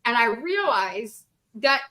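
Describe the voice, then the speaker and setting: Woman, high voice, bright, candid, swears a lot, casual storytelling. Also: very animated, slow pace. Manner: candid, laughing, swears freely. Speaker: guest storyteller.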